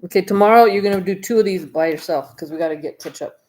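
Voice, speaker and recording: A woman with a somewhat low voice, a mother reading scripture aloud late at night. She sounds tired and teases a little between passages, and she sometimes stumbles over the harder words. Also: fast, mellow. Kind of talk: casual chat, then Bible reading aloud.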